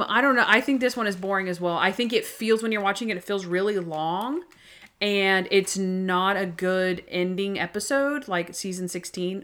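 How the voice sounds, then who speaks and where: A woman's voice: mid-range voice, fairly bright tone. A young woman co-hosting a casual podcast, chatty and full of "like" fillers. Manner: chatty, frequent "like" fillers, laughs at own jokes. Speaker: podcast co-host. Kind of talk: casual chat.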